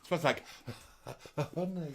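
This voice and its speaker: A man co-hosting a casual live stream, playful and gossipy. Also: slow pace. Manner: playful and gossipy, swings up and down in pitch. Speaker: co-host.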